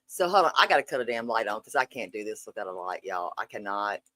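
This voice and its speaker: Sassy, animated woman streamer. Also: extremely low pitch, fast talker, dry recording. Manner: sassy, profane, playful greetings to viewers. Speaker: livestream host. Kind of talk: casual live-stream chat. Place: dark room at home.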